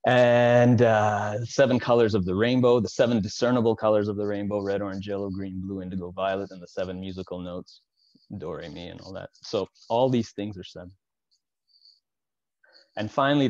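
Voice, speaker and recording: A man's voice: deep voice, darkish tone, dry recording, dull audio. A man from the Soviet Union teaching in a casual lecture, explaining as he goes and checking in with the listener. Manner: explanatory, with frequent asides and "right?" check-ins.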